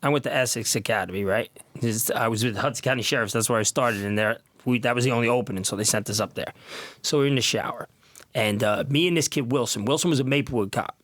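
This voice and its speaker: A man's voice: medium pitch, fast, a bit bright. A man in his fifties, a former officer, telling profane and rambling stories with lots of laughter in a casual podcast chat. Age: 50s.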